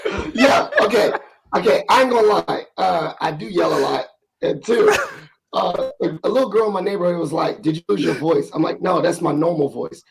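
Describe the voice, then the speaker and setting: A man hosting a podcast in a casual, joking way, with a naturally raspy, gravelly voice. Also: a little high, expressive, brisk, rough recording. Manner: easygoing, self-joking, slangy. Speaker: podcast host.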